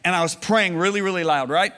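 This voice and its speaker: A man preaching a sermon, telling stories and swinging from low, hushed lines to loud shouted bursts. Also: quick pace, long reverb tail.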